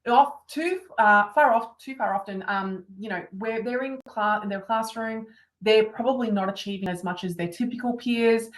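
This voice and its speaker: A woman hosts a podcast conversation in a casual, friendly way. She speaks with warm enthusiasm and fills her sentences with ums and you-knows. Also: fairly high pitch, moderate pace, rough recording. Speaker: podcast host. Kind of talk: casual interview talk.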